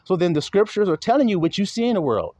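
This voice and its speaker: Confrontational man preaching with a lively pitch. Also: no echo. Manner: profane, confrontational, lecturing; slows down to read verses aloud. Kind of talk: sermon reading scripture. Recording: dull lo-fi recording.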